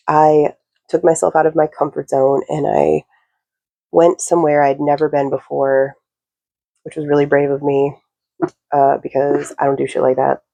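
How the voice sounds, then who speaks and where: A woman's voice: low-pitched, creaky, mellow, no room sound, rough recording. A woman giving a casual spoken reading to camera, rambling with lots of fillers and the odd swear word.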